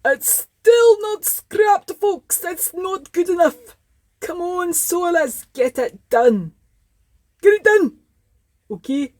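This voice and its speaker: A woman voicing a small, bossy male brass ornament in a put-on Scottish accent, high-pitched and insistent. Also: animated, slow pace, darkish tone, no echo, exaggerated voice.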